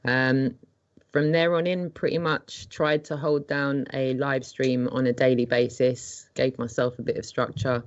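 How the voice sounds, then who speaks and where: A woman's voice: very deep voice, flat delivery, unhurried, dull audio. A woman from England with an English accent, a guest chatting casually and easily in an interview, dropping homely slang. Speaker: guest, street activist.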